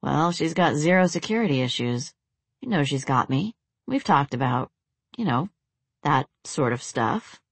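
A woman reading an easygoing young man in a low, soft, murmured voice. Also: animated, a little slow, slightly rough, no echo, exaggerated voice. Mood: wry.

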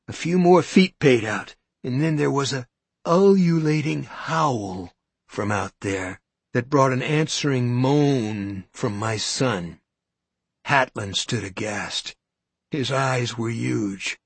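A man reading a story aloud as narrator, with a measured, suspenseful delivery. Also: mid-range voice, vocal fry, breathy edge, dry recording. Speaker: audiobook narrator. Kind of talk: scripted narration.

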